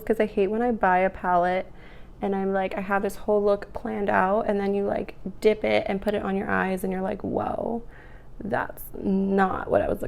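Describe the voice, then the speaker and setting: A young woman in a casual get-ready-with-me chat, talking through her makeup as she goes. Her voice has a gravelly fry and is still rough from the morning. She rambles a bit and fills gaps with "like" and "um". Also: mid-range voice, a little mellow. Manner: chatty, rambling, lots of "like" and "um". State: morning voice, clearing throat. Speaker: beauty vlogger.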